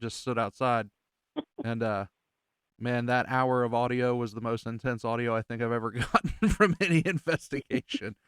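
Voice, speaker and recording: An easygoing man hosts a casual podcast chat, recording from outside his house. His voice is smooth and clear, with a mid pitch and a dry sound. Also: fairly bright tone, no echo. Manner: easygoing, quick to laugh along. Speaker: podcast host.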